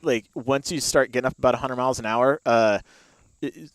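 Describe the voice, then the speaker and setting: A man's voice: medium pitch, a little fast, no echo. A young man telling a long story in casual chat, with lots of fillers and laughs, spoken into a studio mic. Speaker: podcast guest.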